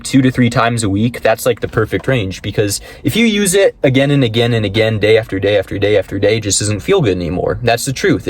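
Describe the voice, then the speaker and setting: A man's voice: mid-range voice, a little hiss or hum. A young man rambling in a casual vlog, swearing often and telling stories animatedly. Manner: profane, rambling, animated storytelling. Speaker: vlogger.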